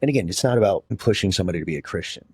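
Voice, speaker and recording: A man's voice: low-pitched, animated, rapid-fire, a little mellow, husky, no echo, clean studio sound. A man speaking as a podcast guest, earnest and heartfelt about leadership and faith. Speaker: podcast guest, gym owner. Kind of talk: casual podcast conversation.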